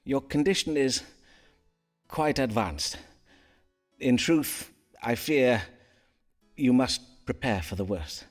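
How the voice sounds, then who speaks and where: A florid Elizabethan doctor-astrologer. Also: male voice, mid-range voice, expressive, soft background music. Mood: grave. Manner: archaic, florid phrasing with theatrical pauses. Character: Elizabethan male astrologer-physician, pompous and theatrical. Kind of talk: voiced game dialogue in Elizabethan English.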